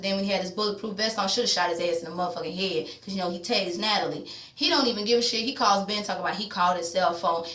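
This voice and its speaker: A woman recapping a TV episode in casual chat, blunt, loud and swearing, talking straight to her viewers. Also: medium pitch, roomy sound. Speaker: TV show recapper.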